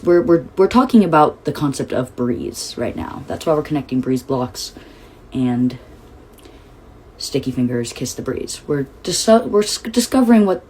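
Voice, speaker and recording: A woman's voice: very deep voice, warm tone, husky. A woman hosting her own show, rambling casually and eagerly, with lots of "like" fillers. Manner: rambling, full of "like" fillers, enthusiastic. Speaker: host. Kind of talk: casual musing monologue.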